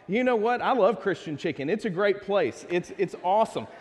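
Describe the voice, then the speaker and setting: A man's voice: high-pitched, lively intonation, moderate pace, darkish tone. A man with a Texas accent, preaching a casual sermon as pastor, chatty and joking, with asides to the congregation. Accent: Texan. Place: church sanctuary. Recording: long hall reverb.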